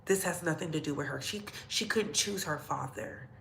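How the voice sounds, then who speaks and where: A woman's voice: sits low, normal speed, vocal fry, a little hiss or hum. A woman vlogger ranting bluntly and profanely in heated commentary, in an echoey room.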